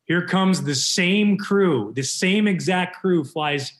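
Animated man telling a story. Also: high voice, takes it slowly. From Canada. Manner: animated, lively retelling with voiced quotes. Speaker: guest, former pitcher. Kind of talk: casual storytelling.

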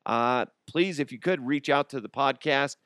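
A man's voice: mid-range voice, moderate pace, a bit bright, dry recording, clean studio sound. A man in his thirties hosting a casual solo podcast, rambling and joking with restarts, his voice worn from being sick. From Colorado. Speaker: podcast host.

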